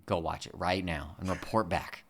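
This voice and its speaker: A young man co-hosting a podcast in casual chat, animated and excitable. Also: moderate pace. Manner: animated, jumps to excited high pitch. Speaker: podcast co-host.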